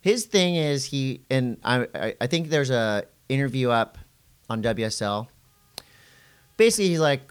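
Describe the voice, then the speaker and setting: A middle-aged man co-hosting a casual podcast, telling surf stories with animation and jumping into a high voice when he quotes people. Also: very animated, moderate pace, smooth. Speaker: podcast co-host and surf commentator.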